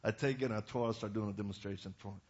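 An older man preaching, telling a story and acting out the other people's lines with sudden loud bursts. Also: lowish voice, rapid-fire, a little hiss or hum. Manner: animated, acts out quotes with sudden loud bursts. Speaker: evangelist preacher. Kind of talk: storytelling sermon. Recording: dull lo-fi sound.

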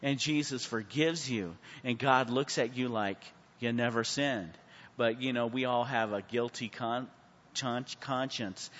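A man teaching a Bible class in a church hall. He preaches with sudden swings from hushed to loud and asks the class questions, calling on people by name. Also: mid-range voice, normal speed. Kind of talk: Bible study sermon. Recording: muffled sound with a long hall reverb.

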